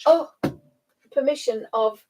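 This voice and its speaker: A woman's voice: sits high, slow, warm tone, soft background music, low-quality recording. A woman hosting a casual live stream, chatting and cooing at her pet and laughing often. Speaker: host.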